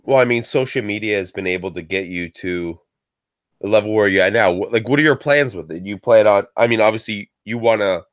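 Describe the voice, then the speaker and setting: A man's voice: on the low side, a little fast, dry recording, clean studio sound. A man hosting a podcast, talking in a rambling, slangy way with some swearing. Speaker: podcast host. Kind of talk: casual chat.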